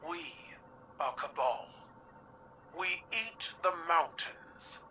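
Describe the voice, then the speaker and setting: A slow, commanding alien warlord. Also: male voice, on the high side, lively intonation, bright, forceful tone, slight background noise, exaggerated voice. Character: imperious alien warlord rallying his armies. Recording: distant game audio with faint ambience.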